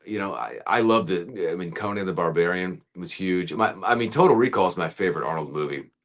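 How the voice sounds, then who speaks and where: A man guesting in an interview talks in a relaxed, thoughtful way and laughs easily. His voice sits very low. He speaks casually over a video call. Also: fairly quick. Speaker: actor guest.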